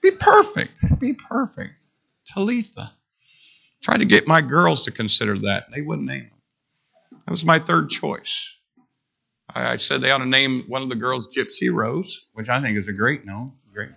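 A middle-aged man preaching a sermon, animated, breaking into whoops and joking asides. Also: medium pitch, normal speed, vocal fry.

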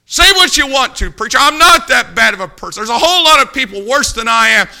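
A complacent, self-righteous man pushes back defensively, as a preacher plays him. The voice is high and bright, raised and protesting. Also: animated, fast talker, creaky, heavily acted.

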